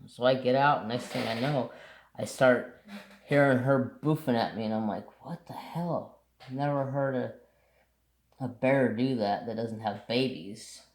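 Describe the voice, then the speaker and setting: A man hosting a craft channel, telling a story in a relaxed, rambling way and swearing casually. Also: mid-range voice, measured pace. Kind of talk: casual storytelling while painting. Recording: roomy echo.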